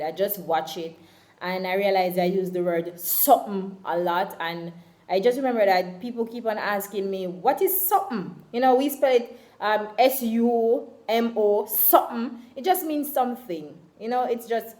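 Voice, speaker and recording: A woman's voice: medium pitch, mellow, roomy sound. A young Jamaican woman talking casually to her viewers in a vlog, chatty and full of fillers. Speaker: vlogger.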